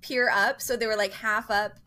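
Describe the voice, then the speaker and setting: A woman's voice: on the high side, fairly even intonation, moderate pace, bright, forceful tone. A woman co-hosting a podcast, chatting casually and bubbly, laughing often. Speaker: podcast co-host. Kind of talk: casual chat.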